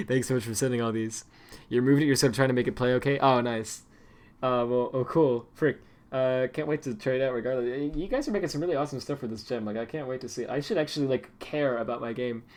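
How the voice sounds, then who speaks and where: A man's voice: medium pitch, brisk, a little mellow. A man streaming, chatting casually and rambling with lots of fillers and restarts.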